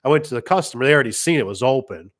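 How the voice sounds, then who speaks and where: A man's voice: mid-range voice, expressive, rapid-fire. A middle-aged man who runs a garage door business, telling rambling work stories in casual chat. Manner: rambling, acts out customer voices. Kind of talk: casual storytelling monologue.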